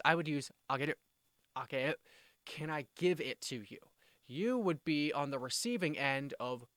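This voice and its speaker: A man teaching vocabulary in a relaxed, explanatory way, restating points and acting out quick example phrases. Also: fairly high pitch, no room sound, studio quality. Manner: explanatory, self-correcting, with brisk demonstrations. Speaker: language teacher. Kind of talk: casual spoken lesson.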